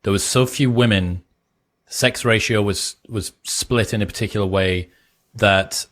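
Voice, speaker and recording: A man's voice: lowish voice, unhurried, fairly bright tone. A man hosting a conversation, telling rambling anecdotes and asking questions. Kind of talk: conversational interview.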